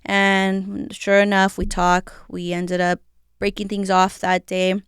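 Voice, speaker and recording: A woman tells her story of faith as a podcast guest, candid and emotional and full of "like" fillers. Her voice is very smooth and resonant, at a mid pitch. The recording is dry and close, with no room sound. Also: completely flat delivery, slow, no echo. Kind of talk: casual personal testimony.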